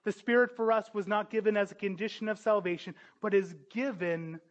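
High-voiced emphatic male preacher. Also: a little fast. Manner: earnest, emphatic, rising to forceful peaks. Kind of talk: sermon.

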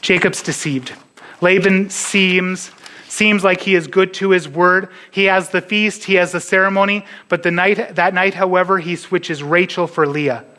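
A pastor preaching a sermon to his church, earnest and sometimes dropping to a hush on key points. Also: high voice, steady tone, measured pace.

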